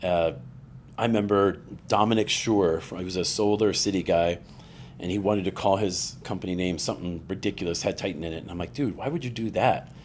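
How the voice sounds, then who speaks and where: A man's voice: low-pitched, brisk, a little hiss or hum. A man guesting on a podcast, chatting casually and acting out quotes as he tells stories. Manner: animated storyteller, acts out quoted voices. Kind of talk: casual chat.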